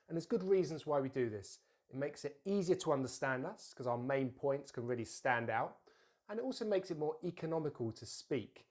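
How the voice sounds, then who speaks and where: A man from England giving an English pronunciation lesson with clear, deliberate delivery. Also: mid-range voice, a little mellow. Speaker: English teacher.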